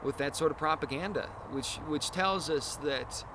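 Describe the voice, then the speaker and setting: A man's voice: a little high, moderate pace, noisy background. A man hosting a casual podcast chat, talking in long, earnest, rambling explanations. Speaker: podcast host.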